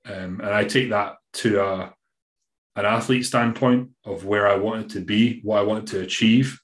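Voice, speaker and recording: Scottish man, lowish voice, rambling and emphatic, casual podcast talk, roomy echo. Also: fairly even intonation, a little slow. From Scotland. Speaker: bodybuilding coach.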